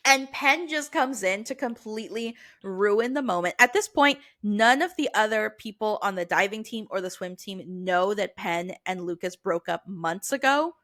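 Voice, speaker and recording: Bright-voiced chatty young woman. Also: mid-range voice, moderate pace, few pauses. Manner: chatty, heavy use of "like", lively retelling. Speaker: podcast co-host. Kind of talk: casual book discussion.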